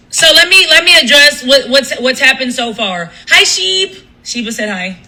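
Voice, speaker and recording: A woman's voice: high-pitched, lively intonation, moderate pace, few pauses, sharp tone, poor audio. A woman, a radio host, telling a story on a casual livestream. She talks in an emphatic, profane way and restarts her sentences often. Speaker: radio host and live streamer.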